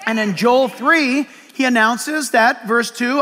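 A man, a pastor, preaching a sermon in an animated, joking way that bursts into shouts. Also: extremely high pitch, normal speed, few pauses. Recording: long hall reverb.

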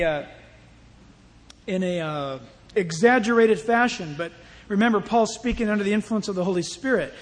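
A man pastor preaching a sermon in an animated, playful way, acting out Bible scenes as he goes. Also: high-pitched, in a large hall.

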